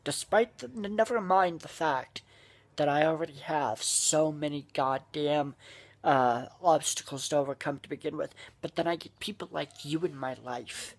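A man delivering an angry, profane rant straight to his online critics, often breaking into shouts. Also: a little high, moderate pace. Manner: profane, furious, shouting bursts. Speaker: vlogger. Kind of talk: angry ranting monologue.

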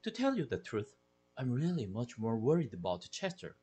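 A man's voice: medium pitch, wildly swooping pitch, moderate pace, mellow, husky. A man with a Korean accent voicing a doting mother who coos at the family cat in a sing-song way. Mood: gentle. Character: fussy doting mother of the household.

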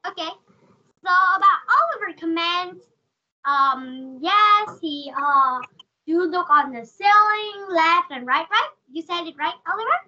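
High, bright Vietnamese-accented woman teaching online. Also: lively intonation, unhurried. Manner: calls on students by name, asks many questions. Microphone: computer mic on a video call. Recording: dull lo-fi video call audio.

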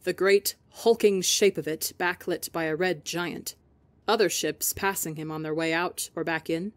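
Calm woman reading a story aloud. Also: fairly low pitch, no room sound. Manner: calm, measured, softly dropping asides. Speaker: podcast reader. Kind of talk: audiobook reading of fan fiction.

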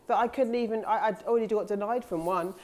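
A woman's voice: medium pitch, fast talker, a little mellow. A woman life coach talking casually and earnestly to her audience, candid and now and then swearing, acting out her own past thoughts in quoted asides. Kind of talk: casual motivational monologue.

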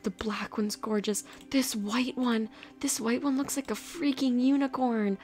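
A woman hosting her gaming channel in casual commentary, gushing and excitable as she talks to the horses in her game. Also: medium pitch, unhurried.

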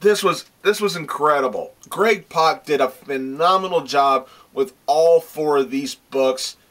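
A man's voice: a little high, unhurried, fairly bright tone. A man reviewing comic books in a casual video, gushing with praise and swearing freely as he talks. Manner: gushing praise, repeats himself.

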